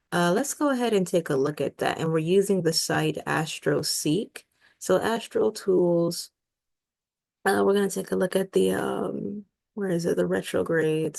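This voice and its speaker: Young woman with a gravelly, fraying voice. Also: fairly low pitch, a little mellow. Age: 20s. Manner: rambling, many ums and uhs, thinks aloud. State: losing her voice. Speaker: astrologer host. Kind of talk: casual screen-share astrology lesson. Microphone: laptop built-in mic over a video call.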